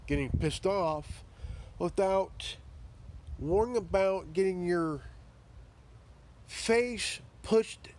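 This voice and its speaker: A man's voice: high voice, darkish tone, a little hiss or hum. A man delivering a profane, confrontational ranting monologue as a commentary vlogger, often stumbling and repeating himself. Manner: profane, confrontational, halting repetitions.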